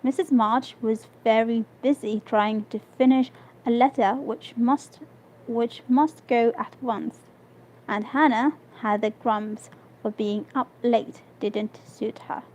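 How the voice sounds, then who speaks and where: A woman whose first language is Arabic, reading a novel aloud on a live stream, halting and restarting words. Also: a little high, fairly even intonation, darkish tone, slight background noise. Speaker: reader. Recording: dull lo-fi stream audio.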